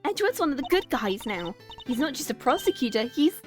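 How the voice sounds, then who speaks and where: A cheeky, upbeat young thief sidekick, read by a woman, high-pitched and eager. Soft game music hums faintly in the background. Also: big pitch swings, brisk.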